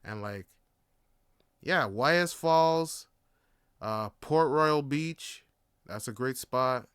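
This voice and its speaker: Young canadian guy riffing on his podcast, bright clear voice, lots of likes. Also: medium pitch, expressive, extremely slow, no room sound, clean studio sound. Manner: laid-back, rambling, swears, frequent fillers. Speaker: podcast host. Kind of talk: casual monologue.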